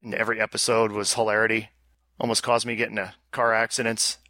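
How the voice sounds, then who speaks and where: Chatty, animated podcast host guy. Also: on the low side, quick pace, no room sound. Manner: chatty, animated, laughs easily, rambles. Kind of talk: casual chat. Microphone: remote call.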